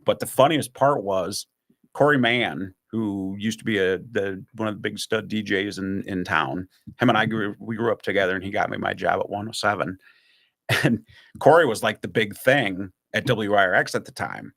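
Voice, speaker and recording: A man's voice: lowish voice, moderate pace, vocal fry. A man chatting on a podcast, telling long stories and acting out other people's voices along the way. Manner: animated storyteller who acts out other people's voices. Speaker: podcast guest or host recalling stories. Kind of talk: casual podcast chat, storytelling.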